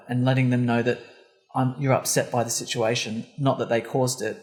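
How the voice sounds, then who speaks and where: A man's voice: mid-range voice, little pitch movement, fairly quick. A man hosting a casual podcast, thinking aloud in rambling sentences. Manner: thoughtful, rambling with restarts. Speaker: podcast host.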